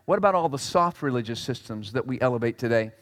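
A male pastor preaching a sermon in an animated way. He swings between loud exclamations and quiet asides and slips in jokes. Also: mid-range voice, fast, big-room sound.

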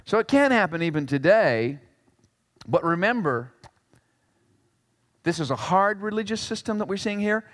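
A male pastor preaching a sermon in an animated way. He swings between loud exclamations and quiet asides and slips in jokes. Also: high voice, normal speed, pauses often, long reverb tail.

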